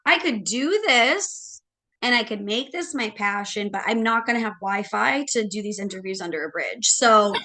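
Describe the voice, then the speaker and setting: Bright, chatty woman podcast host. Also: mid-range voice, a little hiss or hum. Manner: animated, chatty, quick laughs, lots of "like" and "you know". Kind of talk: casual interview chat.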